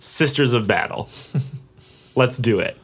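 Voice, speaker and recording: A man's voice: medium pitch, lively intonation, slow. A man co-hosting a casual podcast, bantering and laughing often with his co-host. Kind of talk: casual chat.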